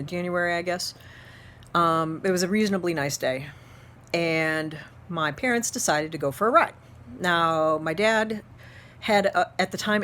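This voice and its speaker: A woman in her fifties from Ohio, an instructor telling a story to her class in an animated way and laughing often. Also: fairly low pitch. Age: 50s. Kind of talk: storytelling lecture.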